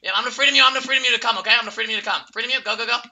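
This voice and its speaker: A man streaming a competitive game, talking a teammate through the match in rapid repeated callouts and getting very excited. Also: very high-pitched. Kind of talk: live gameplay callouts to a teammate.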